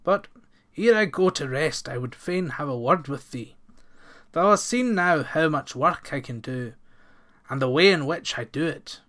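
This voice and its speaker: A man reading aloud and voicing a huge young farmhand who speaks calmly and quietly in old-fashioned words. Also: a little high, unhurried. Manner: calm, quiet, archaic speech. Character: huge, calm young giant farmhand, sly.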